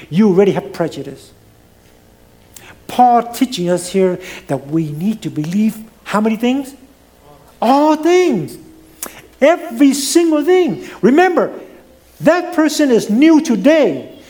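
High lively-voiced preacher man. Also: measured pace. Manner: preaching with lively rises and drops, non-native grammar. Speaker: pastor. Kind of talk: sermon.

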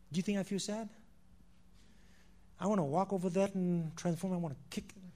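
High-voiced man preaching with fervor. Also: a little fast. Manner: impassioned, swinging between loud declarations and hushed asides; repeats phrases for emphasis, addresses listeners as "my friend". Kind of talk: sermon.

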